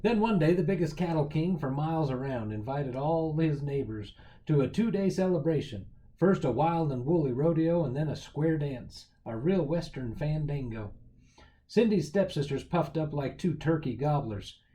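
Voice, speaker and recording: A man reading a picture book aloud as a storyteller, with lively, expressive storytelling. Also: on the high side, moderate pace, low-quality recording.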